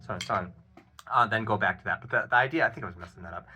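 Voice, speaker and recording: A man with a fairly low voice walks through a drum exercise, counting out beats and coaching in an easygoing, encouraging manner. A drum kit plays loudly behind him in the studio. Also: fast talker, over loud music. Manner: counts beats aloud, relaxed and encouraging with fillers. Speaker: drum teacher. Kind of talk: casual drum lesson explanation. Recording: loud drum playing behind the voice. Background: drum kit playing.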